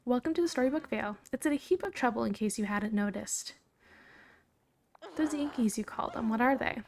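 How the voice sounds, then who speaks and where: A woman's voice: on the high side, a little fast, darkish tone, slight background noise, close to an everyday voice. A woman reading a brave young princess's game dialogue aloud in her own plain voice, without putting on an accent. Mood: earnest.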